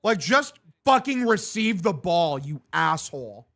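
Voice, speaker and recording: A man's voice: sits high, big pitch swings, unhurried, gravelly, fairly bright tone. Profane, exasperated man calling a game. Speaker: livestream host. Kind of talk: casual play-by-play commentary.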